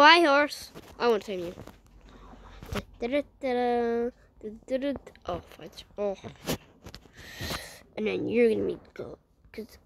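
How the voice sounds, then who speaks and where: Excitable gravelly woman gaming vlogger. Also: mid-range voice, slight background noise. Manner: chatty, excitable, talks to herself while playing, often drops to a hushed whisper. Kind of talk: playing a game while narrating to viewers.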